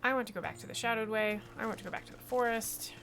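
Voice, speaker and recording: A woman's voice: on the high side, fast, a bit bright, a little hiss or hum. A woman streamer chatting casually to herself and her viewers as she plays a game. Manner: chatty, talks to herself and the chat. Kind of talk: casual gameplay commentary. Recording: game music playing behind.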